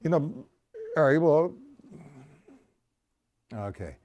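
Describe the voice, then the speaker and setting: A middle-aged man runs a live drum lesson. He talks in a loose, chatty way, breaks each pattern down step by step and counts the beats out loud. His voice swings widely in pitch as he speaks. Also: animated, slow pace, muffled recording, slight background noise. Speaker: drum teacher.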